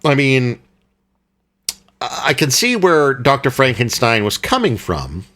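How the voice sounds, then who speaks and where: A man's voice: mid-range voice, huge pitch swings, unhurried, sharp tone. A man co-hosting a podcast, recapping a film in casual chat and rambling through many fillers and restarts. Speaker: podcast co-host.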